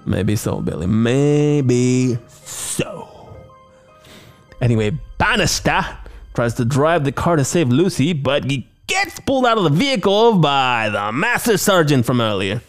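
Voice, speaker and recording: A male podcast host giving a comedic movie recap, excited, rambling and sarcastic. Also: medium pitch, unhurried, faint music behind.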